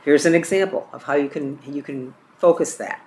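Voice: mid-range voice, normal speed, darkish tone, a little hiss or hum. A trainer teaching a caregiving class from a course book, reading examples aloud and often repeating or correcting their own words.

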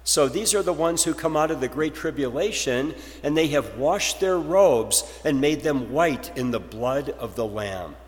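A man's voice: on the high side, animated, unhurried, few pauses, long reverb tail. A male pastor delivering a sermon, posing rhetorical questions to his congregation.

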